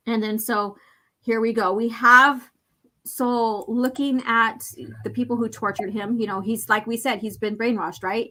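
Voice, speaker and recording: A woman's voice: on the high side, fairly even intonation, sharp tone. A woman hosting a casual chat, reading comic book panels aloud and commenting with lots of fillers. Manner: chatty, many fillers, reads dialogue slowly with emphasis.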